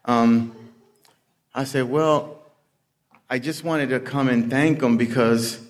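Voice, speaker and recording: Man, unhurried storyteller, casual, filler-heavy delivery. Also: mid-range voice, steady tone. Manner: slow, conversational, full of "you know" fillers. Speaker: storyteller in recovery. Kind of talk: personal storytelling.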